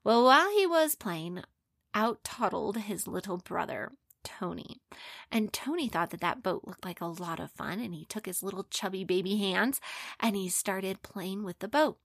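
A woman telling a children's story expressively, dropping to hushed asides. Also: mid-range voice, lively intonation, moderate pace, vocal fry, no echo, clean studio sound.

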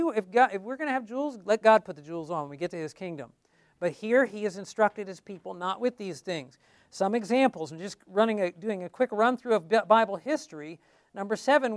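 A man's voice: high voice, no echo, studio quality. A middle-aged man speaking as a pastor in a sermon-style Bible study, emphatic and repeating key words for stress. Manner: emphatic, repeats key words, quotes the people in his stories.

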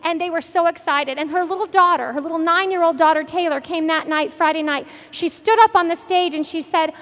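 A woman's voice: very high-pitched, steady tone, fairly quick, fairly bright tone. A woman doctor and guest, sharing an enthusiastic, earnest testimony in conversation. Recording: long hall reverb.

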